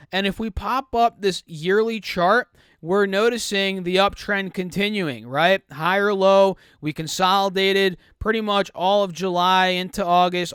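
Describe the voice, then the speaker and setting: Young male stock YouTuber, casual and chatty, bright clean voice, dry close mic. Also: sits high, clear, resonant tone, no echo. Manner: quick, chatty, self-correcting. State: recovering from illness, slightly choked. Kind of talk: casual stock market commentary.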